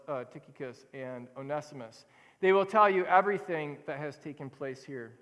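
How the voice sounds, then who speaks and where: Animated high-voiced male preacher in reverberant hall. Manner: conversational, animated, self-correcting. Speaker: pastor. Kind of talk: sermon.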